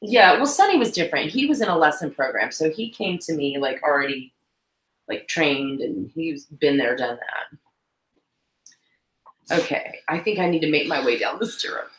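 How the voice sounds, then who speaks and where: A woman's voice: low-pitched, lively intonation, moderate pace, a bit bright. A woman co-hosting a casual live-stream chat while cleaning tack, giggly and saying "y'all", stuffy from blowing her nose. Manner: chatty, giggly, says "y'all". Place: indoors at home cleaning tack. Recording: echoey room.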